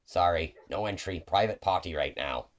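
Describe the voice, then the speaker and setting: A man's voice: sits low, normal speed, lightly acted. A man voicing a curt mercenary guard woman. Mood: cool. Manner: clipped, dismissive. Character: curt female mercenary guard, cool and businesslike.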